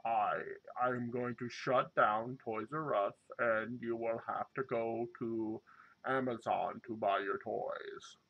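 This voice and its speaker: A masked supervillain drawls his threats slowly and deliberately, as a man hams it up in an impression. The voice sits a touch lower than his usual talk and sounds set back from the mic. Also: fairly even intonation, phone-quality sound. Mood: menacing. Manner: slow, deliberate, self-mocking impression. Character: menacing masked male supervillain, slow and threatening.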